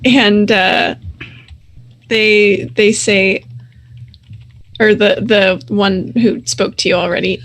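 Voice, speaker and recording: A woman running a tabletop role-playing game, setting scenes in an unhurried, measured way. Her narration is slow and loose, full of little fillers and restarts. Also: medium pitch, steady tone. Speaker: game master.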